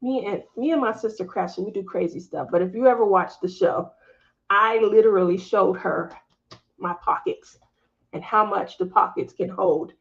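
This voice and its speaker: A middle-aged woman speaks at a normal speed over dull-sounding audio. On her casual craft live stream she chats with viewers, laughs frequently and imitates family members' lines in higher, livelier voices.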